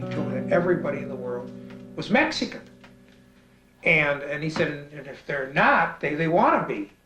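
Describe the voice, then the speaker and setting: Reflective middle-aged man over guitar music. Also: fairly high pitch. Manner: thoughtful, repeats words as he searches. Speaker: author. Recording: roomy sound with guitar music underneath.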